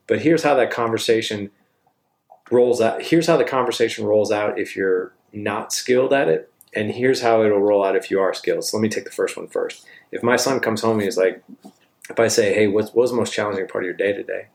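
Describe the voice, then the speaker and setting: A man's voice: lowish voice, fairly quick, creaky, a little mellow. A middle-aged man giving a conversational coaching talk about parenting, emphatic and often checking in with tag questions. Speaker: parenting speaker.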